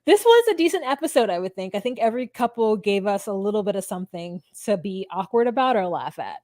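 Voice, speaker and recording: A young woman with a mid-range voice recaps as a podcast co-host, laid-back and quick to laugh. She mimics the people she quotes, recorded close with a dry sound. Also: mid-range voice, big pitch swings, darkish tone, no echo. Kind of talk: casual reality-TV recap chat.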